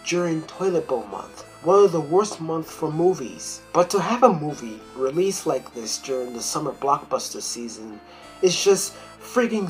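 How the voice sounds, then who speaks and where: A woman's voice: low voice, rough recording. A woman critic delivering a blunt, profane rant in a video film review.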